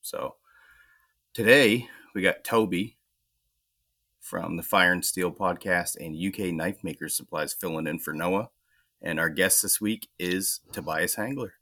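A man's voice: deep voice, unhurried, sharp tone, no room sound. An American man hosting a podcast, talking in a casual, plainspoken way. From United States. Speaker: podcast host.

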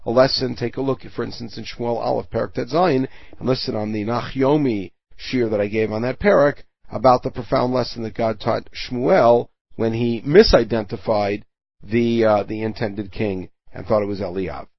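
A man teaches a Torah lesson, reading Hebrew verses and translating each one, then explaining it with everyday comparisons. His voice is gravelly and a little husky. The recording is dry and dull, with no room sound. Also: mid-range voice, moderate pace, no room sound.

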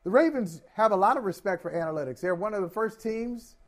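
A man hosting sports talk, arguing his opinions in a casual, animated way with frequent restarts. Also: sits high, fairly quick.

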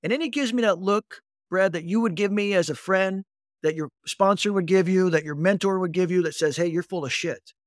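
Animated storyteller man, slightly high voice. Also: fairly quick, dry recording, studio quality. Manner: animated storyteller who acts out quoted voices and keeps addressing the host. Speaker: guest recounting his recovery. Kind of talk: conversational storytelling interview.

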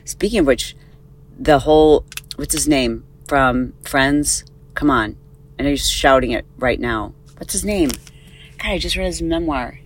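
A woman podcast host chatting casually in a car, rambling and animated, with a slight lisp from recent dental work. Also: low-pitched, unhurried, a little hiss or hum, low-quality recording. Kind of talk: casual chat, recorded on the go.

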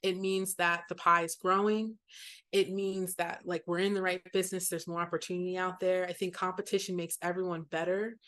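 Woman, from Maryland, podcast guest, lowish voice, upbeat and conversational. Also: flat delivery, fairly quick, a bit bright. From Maryland, United States. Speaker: guest, sports sponsorship executive. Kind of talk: casual podcast interview.

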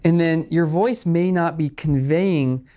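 A man's voice: fairly high pitch, slow, warm tone. Easygoing man hosting a podcast. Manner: joking, easygoing interviewer. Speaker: podcast host. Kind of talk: conversational interview.

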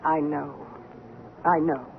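An actress playing a calm, knowing older woman with a quiet, measured delivery, in a 1970s radio drama. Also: deep voice, vocal fry, heavily acted. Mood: grave. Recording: tinny 1970s radio broadcast, faint hiss.

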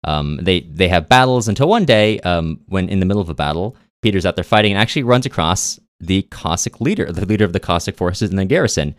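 A man's voice: deep voice, expressive, fast talker, few pauses, dry recording. A man co-hosting a podcast, casually retelling a novel's plot with wry, dry asides. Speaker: podcast co-host. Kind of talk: casual book recap.

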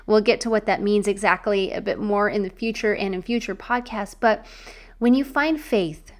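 A young woman hosts a solo faith podcast, speaking straight to her listener. Her talk is earnest and encouraging, casual and chatty, and her pitch sits in an ordinary middle range. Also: moderate pace. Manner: chatty with filler words.

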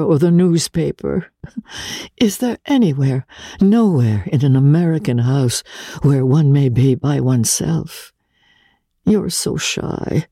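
A woman's voice: sits low, mellow, no room sound, clean studio sound. A woman voicing an elegant, wistful young countess who talks in a lightly teasing, petulant way.

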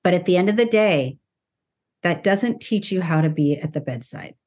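A woman who works as a hospice nurse and doula, calmly giving advice in an interview. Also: lowish voice, moderate pace.

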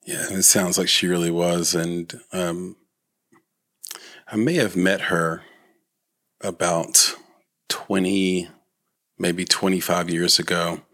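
Brief: podcast host, very low male voice, rambling and restarting, many ums. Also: flat delivery, slow pace, long pauses, a bit bright. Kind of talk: casual interview.

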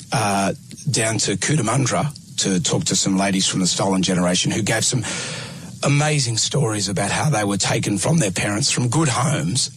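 A man's voice: mid-range voice, breathy edge. Earnest middle-aged Australian man. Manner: earnest, halting, repeats words. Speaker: radio host. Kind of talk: casual radio chat.

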